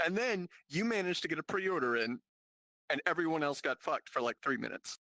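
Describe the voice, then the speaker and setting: A man with a bright, forward voice leads loose, joking group banter. He rambles, laughs easily and swears freely. The sound is dry and close, with no room around it. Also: fairly high pitch, expressive, brisk, no room sound, poor audio. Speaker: podcast host. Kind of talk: casual group banter about VR.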